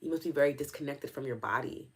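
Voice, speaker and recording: Low-pitched woman host, relaxed live-stream chat, talks straight to viewers and reads their comments. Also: fast talker. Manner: conversational, with many fillers like "like" and "you know"; speaks directly to viewers by name. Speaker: EFT coach hosting a live session.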